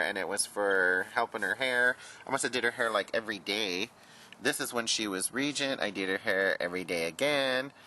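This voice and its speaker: A flamboyant, outspoken man talks in a low voice with a bright, forceful edge. His reminiscing is frank and chatty, full of cussing and sass. Faint background noise sits under his talk. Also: low-quality recording. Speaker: hairdresser and vlogger. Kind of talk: candid personal reminiscing.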